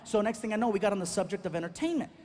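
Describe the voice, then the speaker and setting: High-voiced animated stand-up comedian. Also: male voice, rapid-fire. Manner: animated, acts out every exchange. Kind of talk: stand-up storytelling.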